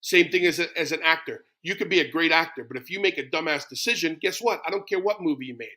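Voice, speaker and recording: A man's voice: fairly high pitch, fast talker, pushed and bright. A middle-aged man speaking as an interview guest, blunt and emphatic. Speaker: guest, former wrestler. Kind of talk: casual interview talk.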